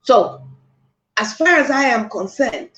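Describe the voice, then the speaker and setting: A woman's voice: on the high side, expressive, slow pace, a bit bright. A woman with a Nigerian accent giving an impassioned address, repeating phrases for emphasis. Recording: echoey room, dull lo-fi sound.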